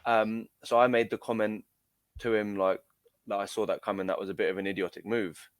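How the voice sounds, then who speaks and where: A man's voice: on the low side, fairly even intonation, fairly quick, no room sound. A young man telling a story in an interview, hesitant, with many fillers and restarts. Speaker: amateur footballer guest. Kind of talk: casual recounting in an interview.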